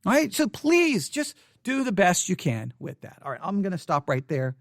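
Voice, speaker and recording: A man's voice: sits high, wildly swooping pitch, moderate pace, gravelly, no room sound. Earnest man pleading. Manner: earnest and pleading, with emphatic repeated phrases. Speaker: podcast host. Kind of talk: impassioned commentary. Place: home studio in Texas.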